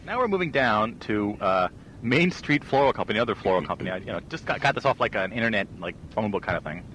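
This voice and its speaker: A man's voice: lowish voice, lively intonation, quick pace, a bit bright, a little hiss or hum, rough recording. A man hosting casual comic banter, rambling and laughing as he sets up bits. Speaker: host.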